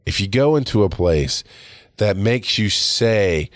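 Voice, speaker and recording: A man's voice: fairly low pitch, animated, normal speed, dry recording, clean studio sound. A man hosting his own podcast, telling a story in heated, profane monologue and putting on other people's voices. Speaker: podcast host. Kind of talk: casual monologue.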